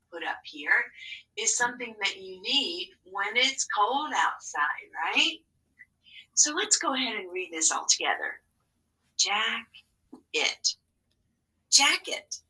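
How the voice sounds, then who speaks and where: A woman teaches a recorded phonics lesson to young children, sounding out syllables slowly and clearly. Her voice is very bright and sharp, with a lively, sing-song rise and fall. She sits a little away from the microphone. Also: medium pitch, far from the mic, poor audio.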